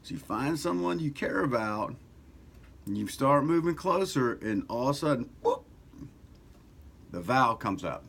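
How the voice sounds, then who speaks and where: A middle-aged man hosting a casual self-help talk, loose and conversational, who swears now and then and grows louder and more animated as he goes. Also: medium pitch, normal speed, creaky, pauses often, slight background noise. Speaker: self-help author and video host. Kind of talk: casual motivational talk to camera.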